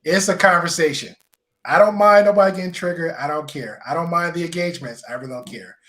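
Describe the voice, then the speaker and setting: A man with a somewhat high voice hosts a live online panel. He talks loosely, stumbling through ums and restarts as he hands the floor to guests. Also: fast, fairly bright tone, low-quality recording. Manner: loose, hesitant, lots of ums. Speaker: host.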